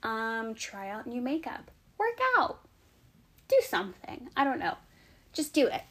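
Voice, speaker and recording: A woman's voice: on the high side, very animated, unhurried. A young adult woman vlogging casual advice, chatty and frank, out of breath. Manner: chatty, frank, filler-heavy.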